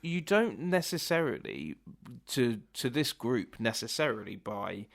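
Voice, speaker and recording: A man's voice: medium pitch, big pitch swings, unhurried, creaky. A man co-hosting a film review podcast, talking through his points thoughtfully and at length. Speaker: podcast co-host. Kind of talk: casual film review chat.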